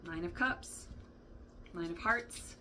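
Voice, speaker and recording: Rambling tarot reader, woman, low-ish tone, crisp bright voice, faint room hiss. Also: slow, low-quality recording. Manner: rambling, thinks aloud, swears, laughs often. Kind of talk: casual spoken tarot reading. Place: indoor room with a fan running.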